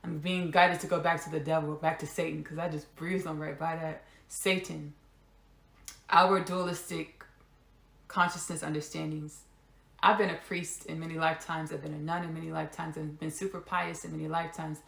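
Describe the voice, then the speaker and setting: A woman's voice: low-pitched, little pitch movement, normal speed, creaky, fairly bright tone, roomy sound. A woman hosting a spiritual podcast monologue, repeating key phrases with emphasis and dropping casual asides. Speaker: podcast host.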